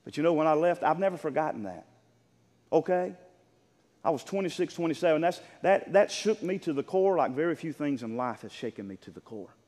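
Older pastor guy preaching, kinda high voice, earnest storytelling with restarts, big echoey church sound. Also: lively intonation, brisk, a little mellow. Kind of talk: sermon. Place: church sanctuary. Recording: long hall reverb.

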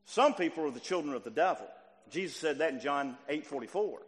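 A man preaching a sermon to a church congregation. He is animated, climbing to near shouts and then dropping low. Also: a little fast, in a large hall. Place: church sanctuary.

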